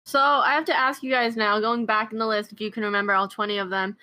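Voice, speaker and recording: A woman's voice: medium pitch, steady tone, quick pace, bright, forceful tone, clear, resonant tone, no room sound. A woman hosting a casual podcast chat with friends, easygoing and chatty. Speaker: podcast host.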